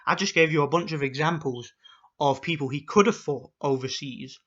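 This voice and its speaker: A man's voice: fairly high pitch, normal speed, fairly bright tone, highs cut off. A man ranting casually on his vlog, swearing often and stumbling over repeated words. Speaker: boxing YouTuber.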